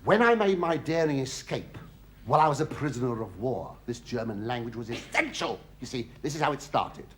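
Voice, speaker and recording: A middle-aged English comedian with a medium-pitched voice and lively intonation delivers a fairly quick, camp, gossipy stand-up monologue to a studio audience. He stammers and restarts often and keeps crying "oh, yes," while loud laughter from the live audience fills the recording.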